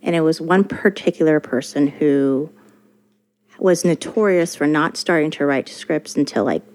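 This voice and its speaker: A woman casually telling a story from her working life, animated and profane, often restarting her sentences. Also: deep voice, a little slow.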